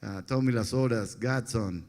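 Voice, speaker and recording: A man's voice: medium pitch, normal speed, slight background noise. Man in his 40s, easygoing storyteller who laughs a lot and voices other people's lines with energy. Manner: laughs often, animated when quoting others. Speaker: interview guest, former pitcher. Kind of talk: relaxed storytelling interview.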